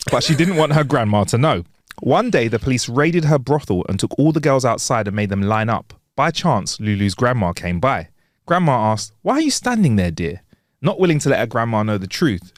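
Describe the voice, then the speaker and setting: A man co-hosting a podcast, casually reading jokes aloud and laughing loudly at his own punchlines. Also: medium pitch, dry recording, studio quality. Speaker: podcast co-host. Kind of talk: casual joke-telling chat.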